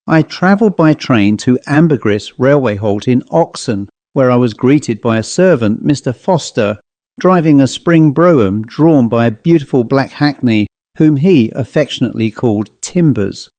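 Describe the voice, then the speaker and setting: Mellow-voiced man reading a ghost story. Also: mid-range voice, animated, no echo. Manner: measured, formal storytelling. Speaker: narrator and author. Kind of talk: scripted ghost story narration.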